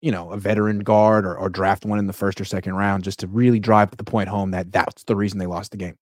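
A man in his forties with a low voice co-hosts a casual sports podcast. He agrees easily and reads listener comments aloud. The sound is dry and close to the mic. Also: flat delivery, quick pace, no room sound. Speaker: co-host reading listener comments.

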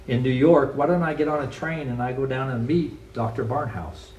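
A man quoting a tall, distinguished British sea captain, speaking quietly and hesitantly in his own voice. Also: medium pitch, normal speed, noisy background, lightly acted. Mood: humble. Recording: roomy echo from a distant mic.

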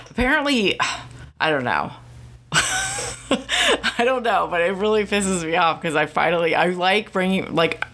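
Low-voiced woman ranting profanely. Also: a bit bright. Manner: irritated, profane, rambling with frequent fillers. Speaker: vlogger. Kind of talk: casual ranting monologue.

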